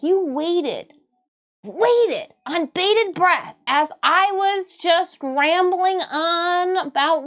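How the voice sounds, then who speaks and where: Young woman streamer, high voice, slow rambling chat, stop-start phrasing. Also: fairly bright tone. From Michigan. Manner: rambling, self-interrupting, laughs often. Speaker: livestreaming artist and host. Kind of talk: casual livestream chat.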